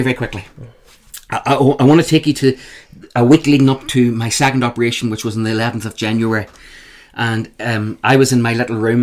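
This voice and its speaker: A man with a Northern Irish accent, a guest telling emphatic, animated stories in an interview. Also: medium pitch. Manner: animated, emphatic, repeats the host's name. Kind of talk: storytelling in an interview.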